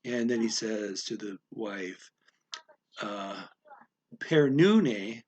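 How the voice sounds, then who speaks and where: A man slowly explaining a story word by word as a language teacher, thinking aloud with many pauses. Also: lowish voice, steady tone, slightly rough, highs cut off. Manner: slow, thinking aloud, frequent fillers.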